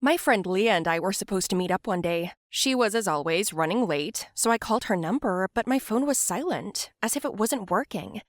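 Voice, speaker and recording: A woman's voice: medium pitch, animated, moderate pace, hardly any pauses, no room sound, clean studio sound. A woman narrating a first-person story and voicing all the other characters herself.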